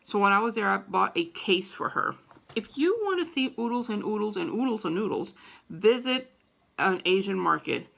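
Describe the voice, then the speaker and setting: A middle-aged woman vlogger telling a story to camera in a casual, animated, profane way, with a gravelly voice. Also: mid-range voice, normal speed.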